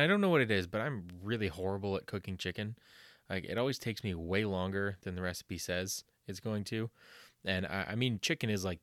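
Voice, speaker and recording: A man's voice: low voice, a bit bright, no room sound, studio quality. A young man hosting a casual solo podcast, rambling in a self-deprecating way and swearing often. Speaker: podcast host.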